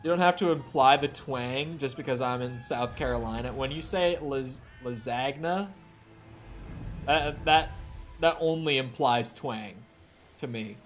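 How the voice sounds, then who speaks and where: A man's voice: mid-range voice, normal speed. Rambling male streamer chatting over gameplay. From Upper Midwest of the United States. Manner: rambling, storytelling asides. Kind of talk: casual chat while playing a video game. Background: faint game music.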